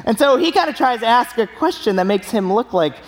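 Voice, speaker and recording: A young man preaching a sermon in a church, telling stories with an animated, laughing delivery. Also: extremely high pitch, a little fast, in a large hall. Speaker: pastor.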